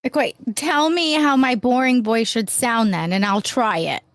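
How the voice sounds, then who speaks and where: A female podcast co-host trading bawdy, playful jokes with her partner. Her voice is a little higher than most women's, and it is recorded dry and close. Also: a little slow, no echo. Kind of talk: casual podcast banter.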